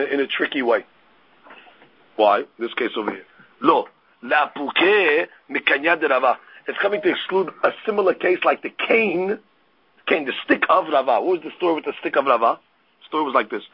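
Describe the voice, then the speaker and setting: Guy teaching talmud, kinda husky, slightly high voice, muffled lo-fi audio, lots of restarts and aramaic mixed in. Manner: animated storytelling with many restarts, mixing Aramaic and English. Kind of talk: Talmud study lecture.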